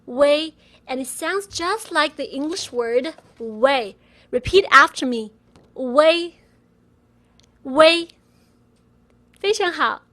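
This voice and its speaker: Woman, pronunciation teacher; slow, patient drills, high voice. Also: a bit bright. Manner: slow, patient drilling with repeat-after-me models. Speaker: Mandarin pinyin teacher. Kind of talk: pronunciation lesson.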